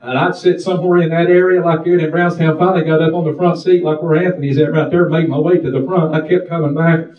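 An older preacher with a high voice delivers a fervent testimony sermon. He bursts into whoops and hallelujahs between runs of storytelling. The sound is picked up from across a roomy, echoing church. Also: level tone, fast talker, hardly any pauses, narrow, tinny audio. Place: church sanctuary. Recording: echoey church from far off.

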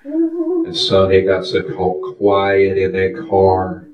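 A man's voice: low-pitched, wildly swooping pitch, takes it slowly, roomy sound, phone-quality sound, crowd noise. A man preaching a testimony sermon in a fervent, sing-song style, calling out hallelujahs, recorded from a distance in a church. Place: church sanctuary.

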